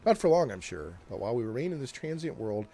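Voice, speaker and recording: A man's voice: mid-range voice, big pitch swings, fast, dark tone. A man reading aloud as a gloomy dwarf cleric in a fantasy game, solemn and mournful, in a raised voice. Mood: grudging.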